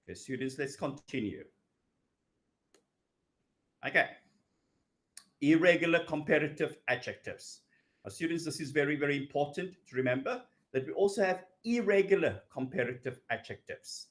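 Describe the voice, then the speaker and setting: A man's voice: fairly high pitch, lively intonation, moderate pace, long pauses. A man teaching an English grammar lesson, drawing out his words and checking in with "okay" and "yeah" as he goes. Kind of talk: recorded grammar lecture.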